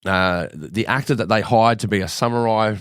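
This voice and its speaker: Australian man, podcast guest, animated slangy storyteller, dry close sound. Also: on the low side, moderate pace, smooth, no room sound. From Western Sydney, Australia. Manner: animated, swearing, slangy, playful. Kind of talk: casual banter, storytelling.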